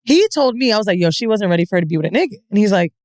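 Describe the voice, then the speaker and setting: Brief: thirties woman podcast co-host, lively swinging pitch, dry close sound, brash storyteller. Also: very fast, no room sound. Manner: animated, acts out quotes, swears freely. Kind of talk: casual storytelling chat.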